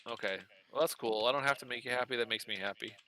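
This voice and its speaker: A man's voice: mid-range voice, quick pace, bright, forceful tone. A man narrating as game master in a casual, laughing way. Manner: casual, laughs often, many restarts.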